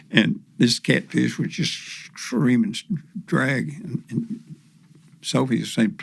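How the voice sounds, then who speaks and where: An older man, a podcast guest, telling long, folksy stories with many pauses and repetitions. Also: mid-range voice, gravelly, breathy edge. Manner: rambling, folksy, repeats himself with many "uh"s. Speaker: guest, professional fisherman. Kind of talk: storytelling in a podcast interview.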